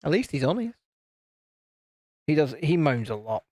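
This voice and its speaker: A very animated British man with a darkish tone speaks at a moderate pace, with no echo. As he builds LEGO on a live stream, he chats casually, teases friends through higher-voiced impressions, and reads viewer comments.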